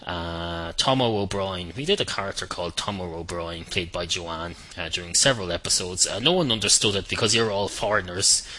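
A middle-aged Irish man hosting a podcast, delivering a deadpan, meandering comic monologue full of fillers and restarts. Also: sits low, fairly quick, hardly any pauses, rough recording. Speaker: podcast host. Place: at home at night.

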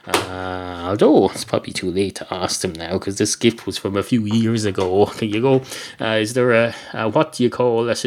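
A man's voice: medium pitch, darkish tone. A man hosting a solo comic show in a rambling monologue. His delivery is dry and self-mocking, and he wanders off on tangents with plenty of "uh". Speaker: podcast host.

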